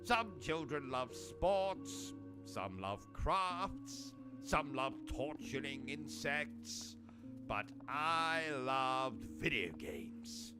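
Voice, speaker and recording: A man with a British accent hosting a gaming livestream, delivering pompous, insulting, deadpan absurd comedy. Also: medium pitch, very slow, over music. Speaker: gaming streamer host. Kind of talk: comedic in-character livestream monologue.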